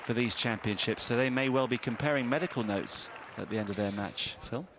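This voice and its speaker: Man anchoring a tennis broadcast, mid-pitched, steady and informative, light outdoor hum behind. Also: fairly quick, crowd noise. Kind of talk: live sports broadcast chat.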